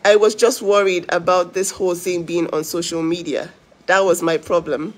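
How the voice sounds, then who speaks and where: A woman vlogger recounting private messages to her viewers in a casual, exasperated way, talking in rushed bursts. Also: on the low side, fairly even intonation.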